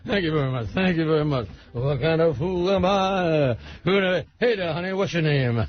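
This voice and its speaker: Man doing a mumbling Vegas crooner, low and lively, on a dull lo-fi radio clip. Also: moderate pace, no room sound, soft background music. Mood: crooning patter. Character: swaggering 1970 Vegas crooner, male.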